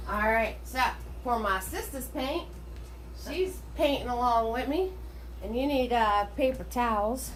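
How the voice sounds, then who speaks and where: A woman's voice: on the high side, a little slow, fairly bright tone, slight background noise. A woman hosting a live painting class online, chatting with viewers and greeting them in a sing-song way. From Washington state. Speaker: paint party host.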